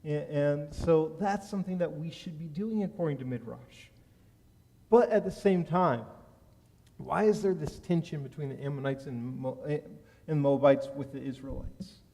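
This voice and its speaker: A man giving a sermon as a rabbi, telling a personal story in an animated way that rises loud at key moments. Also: a little high, normal speed, vocal fry. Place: synagogue sanctuary. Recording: long reverb of a large hall.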